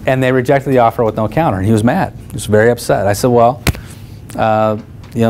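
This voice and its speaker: A man's voice: medium pitch, quick pace, slight background noise. A man, working as a real estate coach, teaching negotiation through stories and acting out both sides of each conversation. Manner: animated, acts out both sides of dialogues.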